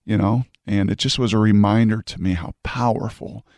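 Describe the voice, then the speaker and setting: A middle-aged man hosts an interview, carrying his stories with animated emphasis. His voice sits a little low with a gravelly, creaky edge. It is recorded close and dry, with no room sound. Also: moderate pace, dry recording. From Puyallup, Washington, USA. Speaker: host. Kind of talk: conversational storytelling interview.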